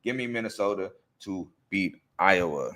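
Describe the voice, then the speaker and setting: A man hosting a sports show, talking through game previews and picks in a loose, conversational way with fillers and quick self-corrections. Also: sits low, lively intonation, a bit bright. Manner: confident, emphatic picks. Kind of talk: casual game-preview commentary.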